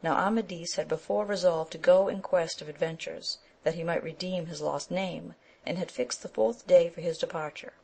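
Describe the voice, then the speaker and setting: A woman narrating an audiobook of an old romance in a steady, measured reading. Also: fairly low pitch, vocal fry, rough recording. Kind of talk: scripted narration.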